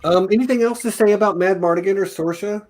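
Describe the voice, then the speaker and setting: A man's voice: sits high, quick pace, darkish tone. A man co-hosting a film podcast in casual chat, enthusiastic and steering the talk with questions.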